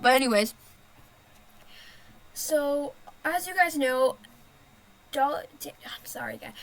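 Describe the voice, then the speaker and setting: A woman's voice: high-pitched, fairly bright tone, poor audio. A young woman giving rambling, casual commentary over a video game and often correcting herself mid-sentence. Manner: rambling, self-correcting, chatty. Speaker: gaming video host.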